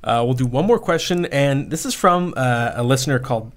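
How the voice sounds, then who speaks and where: A man's voice: medium pitch, animated, a little fast. A man in his thirties co-hosting a sports podcast, giving opinionated takes with frequent self-corrections. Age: 30s. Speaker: podcast co-host. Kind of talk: casual sports talk.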